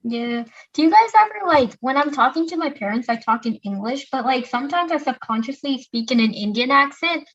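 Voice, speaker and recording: A woman's voice: high-pitched, animated, a little fast, few pauses. A young woman from the United States co-hosting a podcast in casual chat, full of "like" fillers. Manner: chatty, many "like" fillers. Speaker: podcast co-host. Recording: muffled lo-fi audio.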